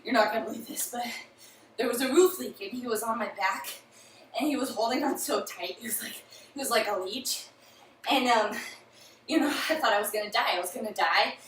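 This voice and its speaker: A woman's voice: fairly high pitch, fairly quick, a bit bright, a little hiss or hum, close to an everyday voice. A woman voicing a terrified male wolf in a retold folk tale, frantic and pleading, in an echoey room with the mic far off. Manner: breathless, shrieking, pleading.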